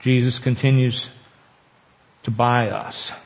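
A man preaching a sermon as pastor, earnest, with slow emphatic pauses. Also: mid-range voice, little pitch movement, creaky. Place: church sanctuary. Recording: echoey church hall, dull lo-fi sound.

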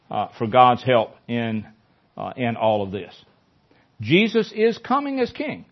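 A man leading a Bible study in a conversational teaching style, often repeating phrases for emphasis. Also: medium pitch. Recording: dull lo-fi recording.

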